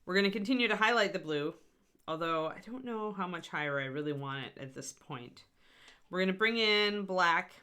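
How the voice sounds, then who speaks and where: A woman's voice: fairly low pitch, bright, forceful tone. A middle-aged woman hosting a live miniature painting tutorial, chatty and self-deprecating, talking through her steps with scattered asides. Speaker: host.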